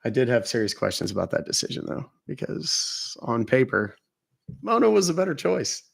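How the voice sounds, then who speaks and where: With a gravelly, slightly rough mid-range voice, this man hosts a live stream where he phones scammers. He's very animated at a moderate pace, joking, telling stories between calls and laughing at his own gags.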